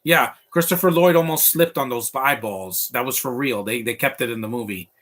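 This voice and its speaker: A man's voice: mid-range voice, moderate pace, a bit bright. A man giving casual live commentary over a film, chatty and reacting as it plays. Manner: chatty, quotes film lines along.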